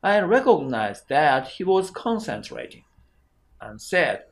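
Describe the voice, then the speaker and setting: A man's voice: fairly high pitch, very animated. A male exam prep teacher, reading an English exam passage aloud carefully. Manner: slow, careful read-aloud.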